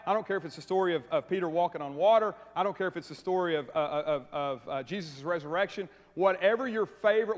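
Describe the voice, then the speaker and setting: A man delivers a lively, conversational sermon, repeating his questions to the congregation and slipping in jokes. His voice sits high for a man. The church hall around him adds a long, trailing reverb. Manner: energetic, conversational preaching with humor and repeated questions. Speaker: preacher. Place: church sanctuary.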